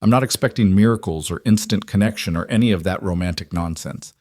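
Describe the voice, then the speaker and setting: A man's voice: low-pitched, fast, darkish tone, no echo, studio quality. A man voicing a chatty, earnest frontier husband. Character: talkative cheerful widowed frontier husband.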